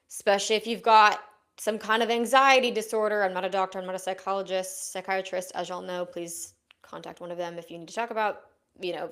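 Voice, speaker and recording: A young adult woman hosting a casual self-help podcast, chatty and frank, often slipping into quick acted-out inner dialogues. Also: medium pitch, fairly bright tone. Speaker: podcast host.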